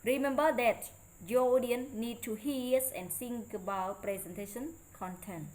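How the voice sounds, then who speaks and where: This student presenter has a fairly high pitch but a darkish tone, heard through poor audio with a little hiss or hum. She reads her lecture-style presentation carefully and haltingly, using non-native grammar.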